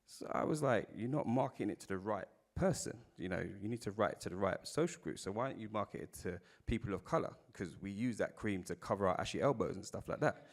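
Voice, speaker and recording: Candid South London man, low voice. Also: expressive, fast, few pauses. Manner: candid storytelling with casual swearing. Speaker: panel speaker. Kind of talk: live panel conversation.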